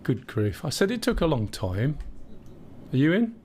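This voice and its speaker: A man's voice: medium pitch, very animated, normal speed, a little mellow, a little hiss or hum. A man in his sixties hosting a live game stream, chatting casually with rambling, jokey asides. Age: 60s. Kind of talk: casual gameplay chat.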